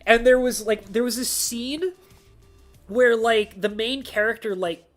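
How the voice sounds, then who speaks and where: A man's voice: extremely high pitch, measured pace, fairly bright tone, faint music behind. A man hosting a casual live stream, rambling with lots of filler words and frequent laughter. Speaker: streamer host.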